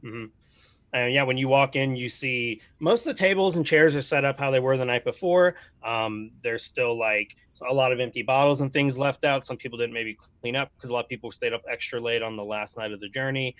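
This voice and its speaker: A man's voice: medium pitch, fairly quick, a bit bright, no echo. A man narrating as game master in a casual, rambling way.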